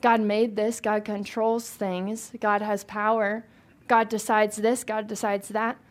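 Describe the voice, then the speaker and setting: A woman's voice: mid-range voice, flat delivery, takes it slowly. A young woman leading a casual Bible study, talking informally, asking the group questions and laughing easily.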